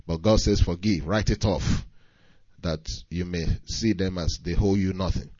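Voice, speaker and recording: A man's voice: low-pitched, unhurried, darkish tone, dry recording, muffled recording. A man preaching a sermon, reading scripture and pressing his points with rising emphasis.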